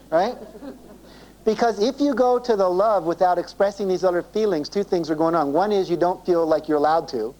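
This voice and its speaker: Man, seminar speaker, mellow voice, acts out conversations, asks the audience questions, old cassette tape recording. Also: high voice, normal speed, slight background noise, poor audio. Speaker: self-esteem seminar speaker. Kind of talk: live seminar talk to an audience.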